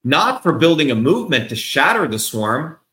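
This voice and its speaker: A man's voice: on the high side, very animated, normal speed, pushed and bright. Combative, profane man in an echoey room. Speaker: political candidate as guest. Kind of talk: heated interview rant.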